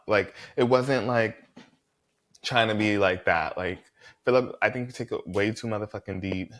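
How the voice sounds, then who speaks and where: A man casually recapping a reality show episode, blunt and profane, with lots of "like" fillers and animated reactions. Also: on the low side, moderate pace.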